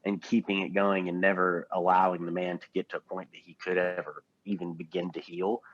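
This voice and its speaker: Deep-voiced man, dry and dull sound. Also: level tone, a little fast, no echo. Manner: loose and meandering, many fillers. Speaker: podcast co-host. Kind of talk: casual film discussion. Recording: dull, lo-fi podcast audio.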